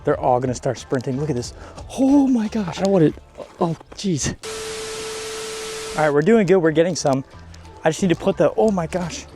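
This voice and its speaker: A man hosting a fishing vlog outdoors on a muddy shoreline, talking to the camera in an excited, chatty way, hot and a bit winded. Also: fairly high pitch, moderate pace, long pauses, soft background music. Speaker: fishing channel host. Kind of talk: casual outdoor vlog narration.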